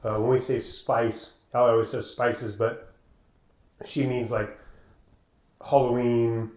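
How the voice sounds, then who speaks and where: A man's voice: medium pitch, level tone, slow pace, darkish tone, echoey room. A man co-hosting a homestead channel, chatting easily and enthusiastically in his home kitchen. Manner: easygoing, enthusiastic. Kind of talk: casual kitchen chat.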